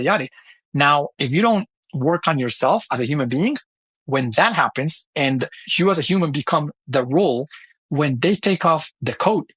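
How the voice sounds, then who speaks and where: Fast-talking animated man, high voice. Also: husky, no echo. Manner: animated, blunt, swears freely, acts out dialogues. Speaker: podcast guest, company founder. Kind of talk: casual interview talk.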